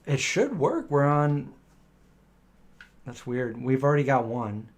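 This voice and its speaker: A middle-aged man chats through a live viewer Q&A. His voice sits at an ordinary, mid-range pitch, and he wanders from story to story, slipping into the voices of the people he describes. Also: big pitch swings, takes it slowly. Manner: rambling anecdotal storytelling, acting out quoted voices. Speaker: live stream host answering viewer questions. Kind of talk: casual live Q&A chat.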